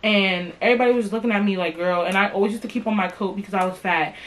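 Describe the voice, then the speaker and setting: Profane animated young woman storyteller. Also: mid-range voice, racing, poor audio. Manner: profane, animated, talks straight to viewers. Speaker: storytime vlogger. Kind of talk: casual storytime monologue.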